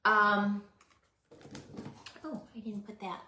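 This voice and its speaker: A woman's voice: medium pitch, flat delivery, takes it slowly, pushed and bright, reverberant, slight background noise. A middle-aged woman hosting a casual craft livestream, chatting to viewers by name and laughing at herself.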